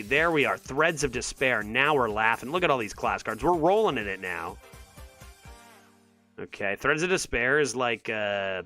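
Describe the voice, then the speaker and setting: A man's voice: medium pitch, bright, forceful tone. A man streaming a card game, exasperated and sarcastic as he thinks aloud and talks to his chat. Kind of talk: live gameplay commentary to chat.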